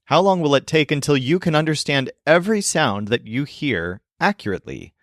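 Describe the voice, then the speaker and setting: A man teaching in a language lesson video, explaining clearly and modeling sounds slowly. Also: fairly high pitch, expressive, a bit bright, no room sound, studio quality. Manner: clear, demonstrative, slows to model pronunciation.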